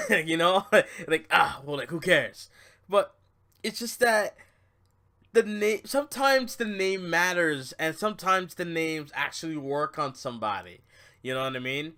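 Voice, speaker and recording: A young man giving a casual, animated review of a wrestling show, swinging between low muttering and loud, swearing outbursts. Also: a little slow.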